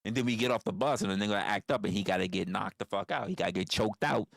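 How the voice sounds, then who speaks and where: A man's voice: fairly low pitch, fast, vocal fry, fairly bright tone, no room sound, studio quality. A man, rambling through profane stories on a casual livestream. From New York. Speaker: livestream host.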